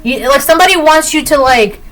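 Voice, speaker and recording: A woman's voice: high-pitched, lively intonation, a little fast, a bit bright. A woman giving a collective tarot reading, talking straight to viewers in an emphatic, repetitive way. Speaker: tarot reader.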